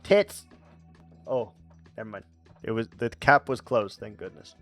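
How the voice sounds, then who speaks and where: A man's voice: fairly low pitch, moderate pace, a bit bright, faint music behind. A man streaming a game, chatting casually with silly, playful asides and mutters. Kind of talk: casual gameplay commentary.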